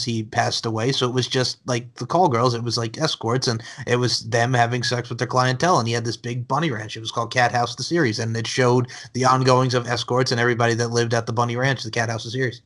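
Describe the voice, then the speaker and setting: A man's voice: medium pitch, fairly even intonation, quick pace, fairly bright tone. A man in his thirties from Long Island, hosting an interview in a casual, jokey way with many fillers. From Long Island, New York. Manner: chatty, jokey, heavy on fillers. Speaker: podcast host.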